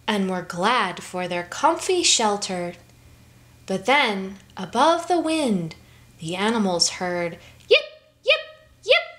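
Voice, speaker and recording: A woman reading a picture book aloud to children in a slow, expressive way. Her voice is a bit higher than average and moves lively up and down. She takes her time with each phrase. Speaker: children's story time reader.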